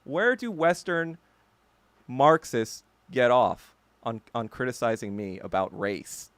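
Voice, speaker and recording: A man's voice: medium pitch, slow, fairly bright tone, dry recording. A man hosting a podcast alone, ranting in a heated, profane, emphatic way. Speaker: podcast host. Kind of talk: solo ranting commentary.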